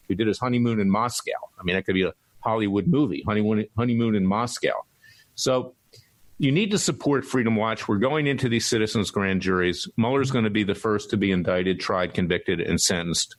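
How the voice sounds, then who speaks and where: A man's voice: on the low side, no room sound. A middle-aged man giving an impassioned, indignant fundraising appeal, speaking emphatically and driving his points home again and again. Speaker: activist lawyer making an appeal.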